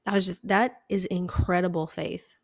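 Low-voiced woman co-hosting a faith podcast. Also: steady tone, moderate pace, gravelly, dry recording, studio quality. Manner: earnest and emphatic. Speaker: podcast co-host. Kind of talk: casual faith podcast chat.

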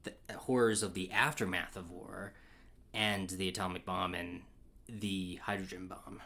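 A man co-hosting a casual film chat, excitable and rambling, with lots of fillers and restarts. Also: deep voice, measured pace. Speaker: podcast co-host.

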